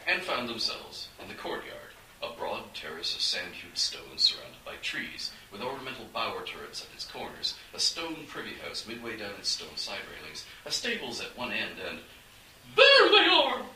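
A man narrating a fantasy adventure audiobook in an animated, dramatic storytelling manner. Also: fairly low pitch, moderate pace, few pauses. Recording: echoey room, distant mic, faint hiss.

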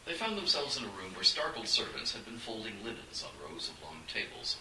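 A man narrating a fantasy adventure audiobook in an animated, dramatic storytelling manner. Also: on the low side, fairly quick. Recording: echoey room, distant mic, faint hiss.

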